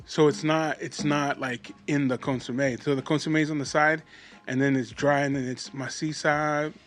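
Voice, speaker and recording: A man's voice: fairly high pitch, steady tone, normal speed, fairly bright tone, soft background music. A man in casual podcast chat, rambling in a laid-back, profane way.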